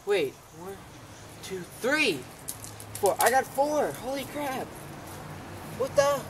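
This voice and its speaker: A man's voice: high voice, noisy background. A tired man rambling casually as he shows his garden, talking to his dog along the way. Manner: rambling, self-interrupting, talks to his dog. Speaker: home gardener. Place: outdoor garden.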